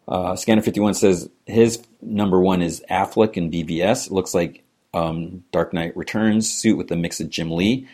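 With a voice that sits low and a touch mellow, this man runs a podcast by himself, rambling through casual chat and listener emails. Expect lots of "you know" and the occasional chuckle.

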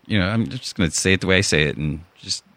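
Talking quickly in casual podcast chat, a Chicago-accented host uses a lowish voice that carries a bright, forceful edge. He rambles with many restarts and fillers, always looping back to complete his point, and the close, dry recording has no echo.

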